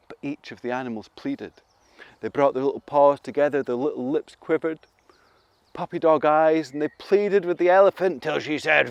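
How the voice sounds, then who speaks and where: A man telling a folk tale to children, animated and playful, asking his listeners questions. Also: fairly high pitch, normal speed, no echo, muffled recording. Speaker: storyteller. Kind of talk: interactive children's storytelling.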